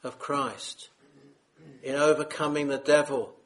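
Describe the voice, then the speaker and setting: A man's voice: fairly high pitch, fairly even intonation, unhurried. A man preaching a sermon, earnest and solemn, pleading with his listeners.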